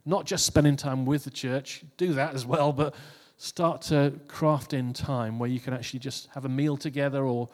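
Speaking at medium pitch with fairly even intonation, this male preacher moves at a moderate pace and rarely pauses. His casual sermon to the congregation loops back on itself with repeated and restarted phrases, all under a long hall reverb.

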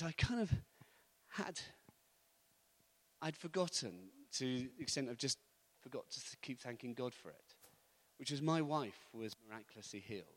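A man preaching, telling stories in a lively, anecdotal way and chuckling often. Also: mid-range voice. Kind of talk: storytelling sermon.

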